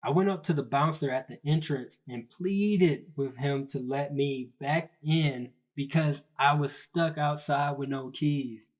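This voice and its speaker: A man's voice: a little high, fairly even intonation, a little slow, few pauses. A young man narrating a comedy story in a casual, slangy, self-mocking way.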